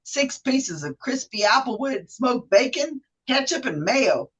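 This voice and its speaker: A woman's voice: high-pitched, big pitch swings, a little slow, breathy edge, voice pushed up, exaggerated voice, rough recording. A woman voicing a cheerful drive-through worker who reads out the menu in a sing-song way and trips over some words. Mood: perky, upselling. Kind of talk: acted drive-through order for a trivia game.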